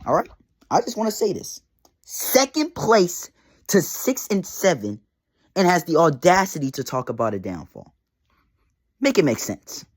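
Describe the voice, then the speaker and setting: A man's voice: on the high side, big pitch swings, unhurried, long pauses, slightly rough, no room sound. A young man managing a fantasy league team, delivering a heated, mocking rant full of repetition. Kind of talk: casual trash-talk rant.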